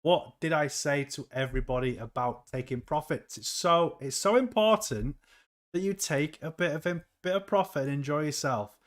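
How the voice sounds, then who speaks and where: Chatty male crypto streamer, slightly high. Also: moderate pace. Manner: upbeat, chatty, reads chat aloud. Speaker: crypto livestream host. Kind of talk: casual livestream chat.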